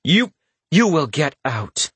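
Young female pub owner, cold and calm, quiet but cutting; a male narrator putting her on. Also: mid-range voice, unhurried, dry recording, natural voice. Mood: cold command.

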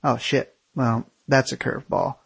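A man's voice: mid-range voice, fairly even intonation, unhurried, gravelly, slightly rough, heavily acted. A man playing his optimistic young male travel buddy, who talks in a breezy, casually profane way.

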